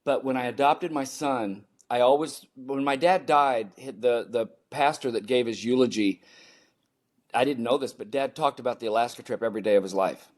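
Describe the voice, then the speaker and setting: An older man tells personal stories as a podcast guest, lively and expressive. He slips into the voices of the people he talks about, then drops back to his own middle-pitched voice. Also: normal speed. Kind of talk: storytelling in a podcast interview.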